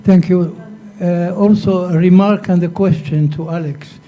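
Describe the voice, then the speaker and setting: A man's voice: high voice, fairly even intonation, measured pace, highs cut off. A man in a lecture hall audience asking a panel a question, leading in with a wry anecdote. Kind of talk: conference Q&A question.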